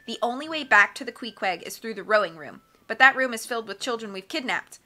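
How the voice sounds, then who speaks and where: A woman's voice: fairly high pitch, expressive, quick pace, pushed and bright. Woman doing a shady hook-handed henchman guy, bossy and clipped. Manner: curt, commanding.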